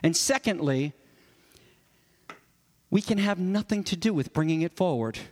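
A man's voice: high voice, expressive, unhurried, darkish tone. A man preaching a sermon as pastor, earnest and emphatic, explaining a passage with repeated stress. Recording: long hall reverb.

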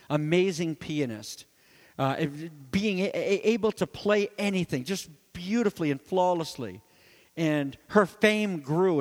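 A man pastor preaching emphatically, his high voice climbing on loud points and dropping low to quiet ones. His words ring with a long reverb in a church. The delivery stays forceful and personal throughout. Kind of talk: sermon.

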